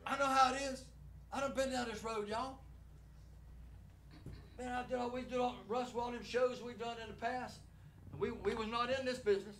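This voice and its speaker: A middle-aged preacher with a Southern drawl, his voice pitched fairly high for a man. He preaches in a folksy, animated way, swinging between rousing calls and soft asides to his flock. The sermon is delivered in a church. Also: moderate pace, long pauses. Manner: folksy, animated, shifting from loud exhortation to quiet asides. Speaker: pastor. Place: church sanctuary.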